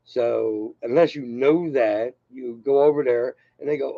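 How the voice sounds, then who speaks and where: An older man rambles through a casual monologue as host of his own channel. His voice is gravelly and dark, and the recording sounds dry and dull, close and lo-fi. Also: medium pitch, a little slow, hardly any pauses, no echo. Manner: rambling, loose, self-deprecating asides.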